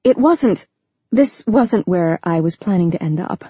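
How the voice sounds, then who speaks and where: A woman's voice: lowish voice, expressive, measured pace, mellow, breathy edge, no echo, lo-fi sound. A woman narrator voicing an anxious young woman who speaks in a hesitant, strained way.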